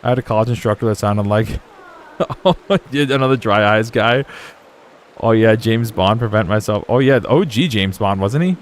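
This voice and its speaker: A man's voice: on the low side, normal speed, slight background noise. A young man chatting loosely while playing a video game, rambling through stories and laughing often. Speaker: gaming streamer. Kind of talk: casual let's play commentary.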